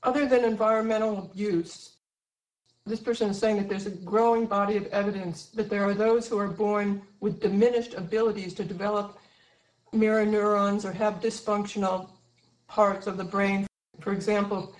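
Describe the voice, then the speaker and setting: A woman co-hosting an online seminar, briskly reading audience questions aloud to the speaker. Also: mid-range voice, steady tone, a little mellow, roomy sound, poor audio.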